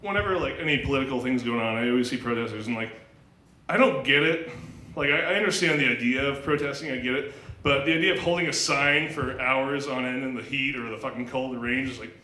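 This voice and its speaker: A man doing a stand-up comedy set at an open mic, crude and rambling, halting with lots of fillers. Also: mid-range voice, pushed and bright, reverberant, rough recording. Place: small club stage.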